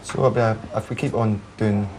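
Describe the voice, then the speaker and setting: A man's voice: on the low side, fairly quick, background noise. A young Scottish man, a band singer, joking and laughing through a TV interview. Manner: jokey, laughing, relaxed.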